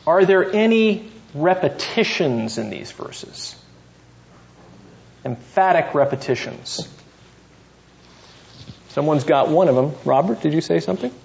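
A man teaching a seminary class on scripture, calling on students by name and thinking through each point aloud. His voice sits a little high for a man. It comes through a dull, lo-fi classroom recording with a faint hiss underneath. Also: expressive, a little slow, vocal fry, pauses often, darkish tone. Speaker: seminary professor. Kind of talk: classroom Bible lesson.

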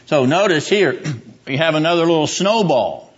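A man's voice: on the high side, lively intonation, normal speed, lo-fi sound. A man teaching a seminary class on the Bible, quizzing his students and driving points home by repeating them.

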